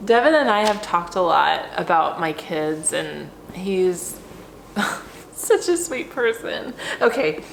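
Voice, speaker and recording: A woman's voice: lowish voice, lively intonation, slow, gravelly, a little hiss or hum. A woman handbag vlogger doing an unboxing vlog, gushing and effusive, with lots of ums. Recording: roomy echo.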